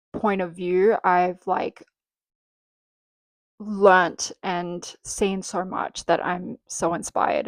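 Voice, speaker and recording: A woman's voice: mid-range voice, dry recording. A young Australian woman hosting a casual solo podcast, chatting with lots of "um" and "like" fillers and casual swearing. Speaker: podcast host.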